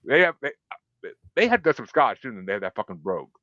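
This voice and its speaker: A man hosting a podcast in casual chat, telling stories in a profane, animated way and acting out his own reactions. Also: medium pitch, fast talker, no echo. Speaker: podcast host. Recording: dull, dry lo-fi sound.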